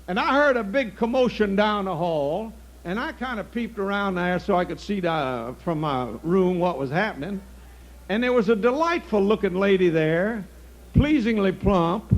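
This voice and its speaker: Folksy older comedian, high voice. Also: male voice. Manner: folksy, chuckles at his own jokes. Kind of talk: stand-up comedy monologue. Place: outdoor stage.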